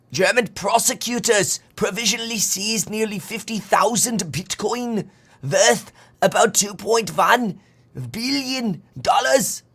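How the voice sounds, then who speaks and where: A man putting on a loud, exaggerated German voice to read out a news item. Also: gravelly, heavily acted. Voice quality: loud, high, barking. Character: mock stern German news reader man.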